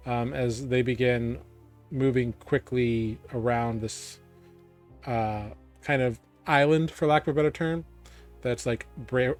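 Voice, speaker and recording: A man narrating as game master in a tabletop game, describing scenes in a halting way full of fillers. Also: medium pitch.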